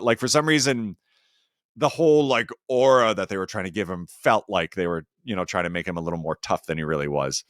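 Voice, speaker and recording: A man's voice: fairly low pitch, no echo, clean studio sound. A man hosting a podcast, chatting casually about a film in a rambling way, full of fillers. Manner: rambling, heavy use of "like", animated rises. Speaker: podcast host. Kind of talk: casual movie review chat.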